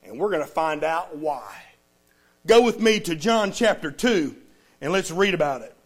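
A man with a notably high voice delivers a sermon. He tells stories in a lively way and keeps calling out to the congregation for a response. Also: unhurried, faint music behind. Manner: lively storytelling with call-outs to the congregation. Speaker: pastor.

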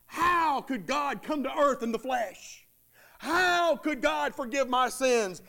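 A man's voice: very high-pitched, lively intonation, takes it slowly, creaky, pushed and bright. A man preaching a sermon with emphatic, repeating phrases, acting out the words of the townsfolk.

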